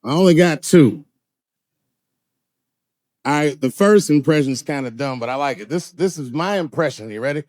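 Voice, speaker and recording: A stand-up comedian telling profane stories on stage, his voice leaping from low mutters to high, loud bursts. The sound is dry and close, and his voice sits a bit high for a man. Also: animated, moderate pace, pauses often, no room sound, poor audio. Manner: profane storytelling with wide swings in pitch and loudness.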